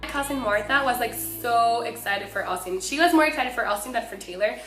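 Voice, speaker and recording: A young woman from Mexico excitedly telling a fan story to camera, breathless and bubbly, full of "like". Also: on the high side, fairly quick. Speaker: vlogger. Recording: echoey room with faint music.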